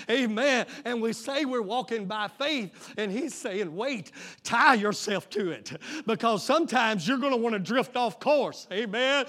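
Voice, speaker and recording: A middle-aged man preaches to his congregation in a high, bright, ringing voice. He moves between quiet, confiding asides and shouted call-and-response, pushing the room for amens. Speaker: pastor. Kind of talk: sermon. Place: church sanctuary.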